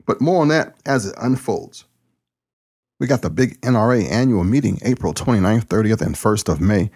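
Gravelly-voiced man hosting a podcast. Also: fairly low pitch, normal speed. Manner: folksy, joking, excitable. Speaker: podcast host and preacher. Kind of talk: casual solo monologue.

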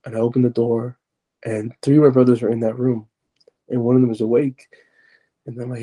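A young man recounts his testimony on a podcast, his voice very dark and gravelly with a husky edge. He talks haltingly, breaking off and restarting as he gropes for the right words. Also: medium pitch, level tone. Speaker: podcast guest. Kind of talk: personal testimony.

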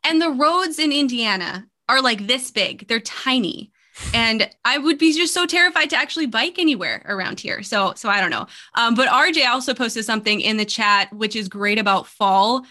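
A bubbly woman co-host chatting casually on a podcast, with a fairly high, bright voice. She talks through a remote call mic with chatty, quick asides. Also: lively intonation.

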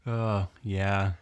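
A man with a fairly low voice hosts a laid-back podcast chat. He laughs a lot, teases his co-host and jumps in with quick reactions. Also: clean tone. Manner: teasing, laughs often, short reactions.

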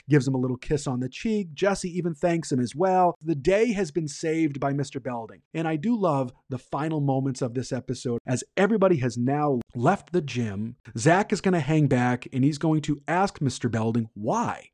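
A man in his forties hosting a podcast, recapping a TV episode and playing out the lines with enthusiasm. His voice sits fairly high but sounds mellow and dark, recorded dry and close. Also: animated, fairly quick, dry recording. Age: 40s. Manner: enthusiastic, acts out quoted lines. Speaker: podcast host.

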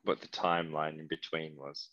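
A man chatting casually with short, calm replies, laughing easily. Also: extremely low pitch, normal speed, muffled recording. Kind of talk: casual chat.

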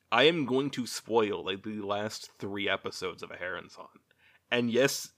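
A man's voice: fairly low pitch, a bit bright. A man hosting a casual chat, rambling, laughing often and swearing freely.

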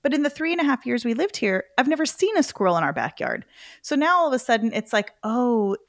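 Middle-aged female guest, lively casual storytelling, dry recording. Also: on the high side, quick pace, no room sound. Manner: animated storyteller, acts out her own reactions. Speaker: podcast guest. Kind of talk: casual interview chat.

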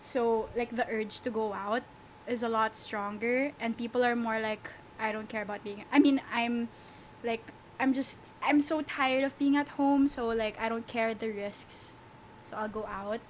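A woman's voice: on the high side, fairly even intonation, measured pace, slight background noise, low-quality recording. A young woman co-hosting a casual podcast, chatty and full of filler words. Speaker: podcast co-host. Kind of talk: casual chat.

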